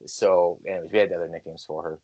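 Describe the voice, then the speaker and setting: A man's voice: low voice, flat delivery, quick pace, a little mellow, highs cut off. A young man chatting casually as a podcast co-host, rambling, swearing and mumbling. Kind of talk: casual chat.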